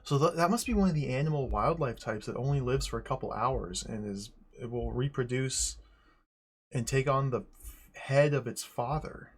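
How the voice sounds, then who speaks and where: A man streaming a game live, talking through it aloud in an excitable, joking way. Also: medium pitch, normal speed, breathy edge. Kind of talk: casual live gameplay commentary.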